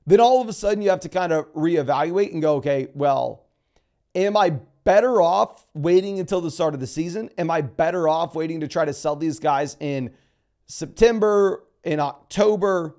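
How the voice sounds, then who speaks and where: A man giving a casual solo breakdown of dynasty fantasy football, talking through trade advice with quick restarts. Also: fairly high pitch, darkish tone. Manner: fast, conversational, restarts sentences.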